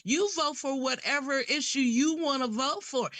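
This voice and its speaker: A woman, arguing heatedly on a call-in show, talking over the host and getting higher when pressed. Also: moderate pace, few pauses, a bit bright, no room sound. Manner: talks over the host, defensive, rising pitch when pressed. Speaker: caller.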